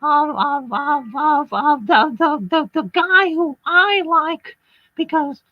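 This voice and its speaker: A woman's voice: high voice, takes it slowly, no echo, pitched above the performer's own voice. A woman putting on the voice of a ditzy, stammering woman she mocks, stumbling over repeated filler words. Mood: whiny babbling. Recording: dull lo-fi audio with music.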